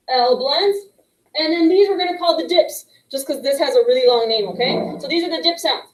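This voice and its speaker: A woman teaching young students a phonics lesson, patient and encouraging, slowly sounding out letter blends. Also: sits high, echoey room, rough recording. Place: classroom with a whiteboard. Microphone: microphone picked up partway.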